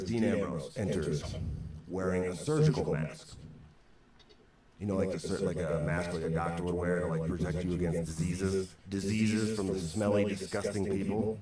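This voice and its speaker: A man's voice: deep voice, fairly even intonation, moderate pace, mellow. A man, a guest in an interview, telling an anecdote in a wry, exasperated way. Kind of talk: storytelling anecdote. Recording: echoey distant replay from a stream.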